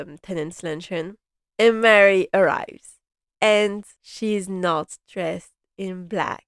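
A woman in her young adult years hosting a casual recap of a TV drama, chatty and rambling, gushing and animated. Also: on the low side, no echo, studio quality. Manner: chatty and rambling, many "like" and "you know" fillers.

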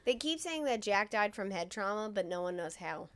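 A woman's voice: medium pitch, expressive, normal speed, clear, resonant tone. A woman casually retelling a film plot on a podcast, acting out the characters' lines as she goes. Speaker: podcast co-host recapping a film. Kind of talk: casual chat.

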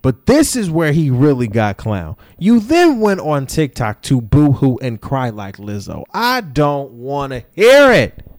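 A man hosting an opinion podcast, ranting in an animated, profane way full of slang and mocking asides. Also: mid-range voice, a little slow, few pauses, no echo. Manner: mocks others in put-on voices. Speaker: podcast host.

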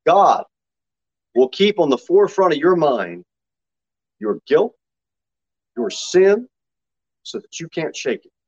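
Pastor preaching a sermon. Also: male voice, very animated, takes it slowly, long pauses, husky. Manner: preaches with sudden loud high-pitched mock quotes. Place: church sanctuary. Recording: slightly dull lo-fi sermon recording.

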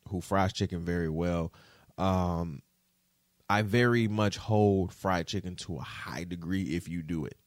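Man, casual storytelling, animated and profane, dry close sound. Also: low voice, dry recording. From Detroit. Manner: animated, profane, keeps checking in with the audience.

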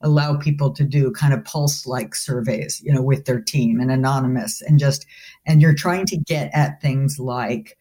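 A woman's voice: extremely low pitch, steady tone, normal speed, mellow, breathy edge. A woman professor of leadership answering interview questions in a thoughtful, explanatory way, often restarting her phrases. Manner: thoughtful and explanatory, with frequent restarts and "you know". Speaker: guest, business school professor of leadership.

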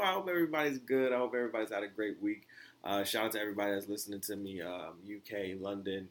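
Male solo podcast host from the US, loose and rambling, full of restarts, with a voice that leaps upward when he gets fired up. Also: quick pace. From United States. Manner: rambling, animated, many fillers and restarts, voice jumps high when excited. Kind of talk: casual solo podcast monologue.

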